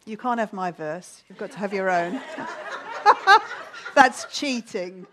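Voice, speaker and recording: Animated woman preaching with laughter. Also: medium pitch, normal speed. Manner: lively and animated, laughs easily, drops to a soft hush in prayer. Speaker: Bible teacher. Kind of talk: sermon with closing prayer.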